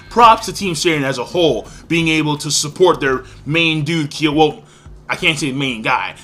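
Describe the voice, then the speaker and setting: A man giving a casual, excitable spoken review, acting out characters' lines with big jumps in pitch. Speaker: anime reviewer.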